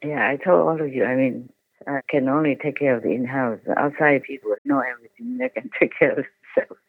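A man's voice: mid-range voice, very animated, fairly quick, gravelly, breathy edge, no echo. A man speaking as a spiritual teacher over the phone to his followers, emotional, pleading and repeating his words. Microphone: telephone. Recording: tinny phone line.

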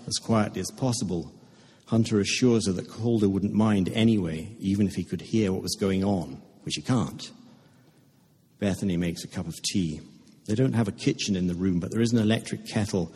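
A man reading a story aloud to a live audience, in a measured, understated way. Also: on the low side, a little mellow, breathy edge. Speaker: reader at a literary reading. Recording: echoey hall with long reverb.

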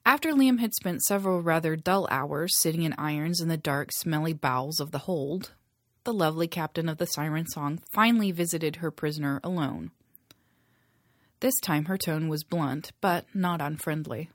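A woman narrating a novel chapter in a steady storytelling voice. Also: low voice, normal speed, no room sound, clean studio sound. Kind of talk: audiobook reading.

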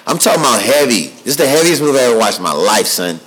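A man's voice: medium pitch, sing-song, racing, fairly bright tone, rough recording. A man in his thirties hosting a podcast, telling a story in a casual, slangy way and repeating himself for emphasis. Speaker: podcast host. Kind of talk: casual chat.

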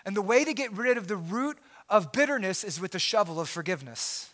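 Expressive and a little fast, the preacher earnestly works through his sermon. Quiet, low lines build to shouts, with words repeated along the way.

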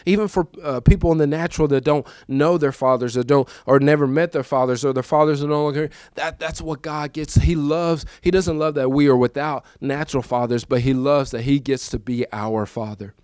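A man in his thirties preaching a personal testimony in a conversational, emotional way, moving from quiet recollection to raised, emphatic lines. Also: on the high side, fairly even intonation, a little fast, hardly any pauses, smooth, dry recording. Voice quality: conversational, emotional, repeats himself. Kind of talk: testimony sermon.

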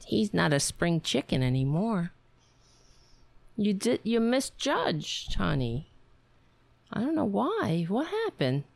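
A woman's voice: mid-range voice, creaky, a little mellow, no room sound. A woman hosting a casual livestream, talking bluntly and sarcastically with freely dropped swear words. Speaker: livestream host.

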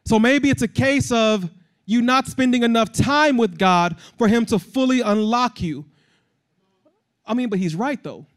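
Very high-voiced man preaching with rising fervor. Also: unhurried. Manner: impassioned, building to shouted exhortation; addresses the congregation directly, leads call-and-response. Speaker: guest speaker. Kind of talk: sermon. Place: church service.

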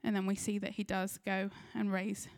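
A woman's voice: medium pitch, little pitch movement, normal speed, creaky, a little mellow, smooth. A woman with an English accent preaching a sermon, retelling a scripture story in an earnest voice and briefly acting out the people in it. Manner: earnest storytelling, acts out quoted lines.

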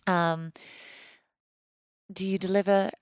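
A woman's voice: medium pitch, flat delivery, slow pace, smooth, no room sound, studio quality. A woman in her thirties hosting a podcast, chatting candidly and rambling through listener questions with many restarts. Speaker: podcast host. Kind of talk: casual chat answering listener questions.

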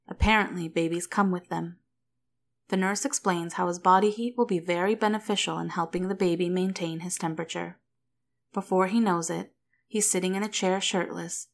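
A woman reading a story aloud in a calm, steady narrator's voice. Her pitch sits slightly low and her delivery stays even and unhurried. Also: gravelly. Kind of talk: reading fan fiction aloud.

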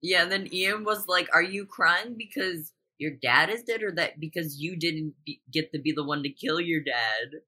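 A woman with a low voice but a bright, forceful tone co-hosts a podcast about a TV series. She speaks bluntly, drops short agreeing remarks, and steers the chat back on track. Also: normal speed, few pauses. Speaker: podcast co-host. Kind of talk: casual chat.

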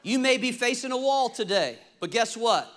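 A man about to turn fifty, preaching a lively, humorous sermon and calling on the congregation to respond. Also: extremely high pitch, normal speed. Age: 40s. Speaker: pastor.

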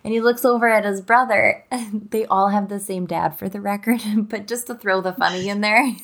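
Candid, laughing mom chatting casually. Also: female voice, medium pitch, steady tone, moderate pace. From upstate New York. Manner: candid, profane and laughing often. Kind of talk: casual chat.

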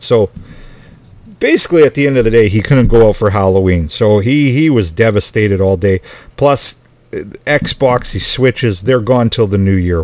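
A man's voice: fairly low pitch, a little mellow, no echo. A middle-aged man telling a family story in a rambling, casual way, swearing often and sounding exasperated.

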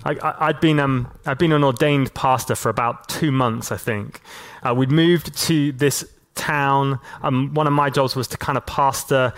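A pastor preaching to his church and an online audience in a loose, chatty way, full of casual fillers. He slows down sharply to stress key lines. His voice sits at an ordinary, mid-range pitch. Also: steady tone. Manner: conversational, many casual "like" fillers.

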